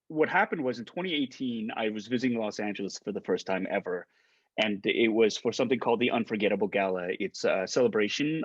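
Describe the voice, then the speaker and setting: A man's voice: fairly low pitch, husky, no echo, dull audio. A middle-aged man from Canada, a guest on a video call interview, telling stories with stammering restarts and acted-out dialogue. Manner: animated, stammering restarts, acts out quoted dialogue. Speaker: actor and guest. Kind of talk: casual interview storytelling.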